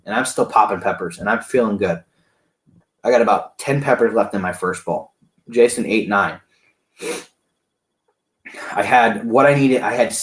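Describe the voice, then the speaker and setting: Hyped guy rambling about his big win, keeps restarting, mid voice, kinda echoey room. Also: medium pitch. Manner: excited, rambling, restarts and acts out cheering. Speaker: vlogger recounting a competition. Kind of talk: casual storytelling to camera.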